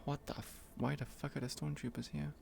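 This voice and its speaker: A woman's voice: very deep voice, little pitch movement, fairly quick, gravelly, darkish tone, a little hiss or hum. A woman hosting a roleplay live stream in casual chat into her own microphone, swearing freely and laughing at herself.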